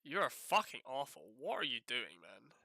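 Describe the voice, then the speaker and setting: A man's voice: medium pitch, normal speed, creaky, no room sound. A man commentating his own live poker session, exasperated and swearing, swinging from outbursts to muttering to himself. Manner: animated outbursts that drop to muttering.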